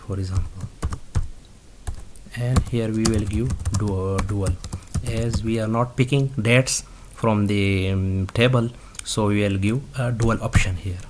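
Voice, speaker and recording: A man teaching a database tutorial step by step, halting often with fillers and restarts. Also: on the low side, fairly even intonation, background noise. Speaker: instructor. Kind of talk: screen-recorded coding tutorial.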